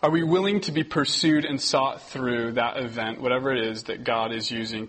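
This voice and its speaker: Husky young man preaching casually. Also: mid-range voice, normal speed, hardly any pauses, low-quality recording. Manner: conversational, restarts often, animated when telling stories. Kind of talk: casual sermon to a youth group.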